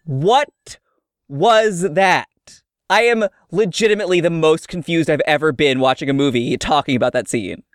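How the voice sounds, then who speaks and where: A co-host in a casual film chat, speaking in a dry, incredulous, deadpan way. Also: medium pitch, normal speed, no room sound. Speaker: podcast co-host.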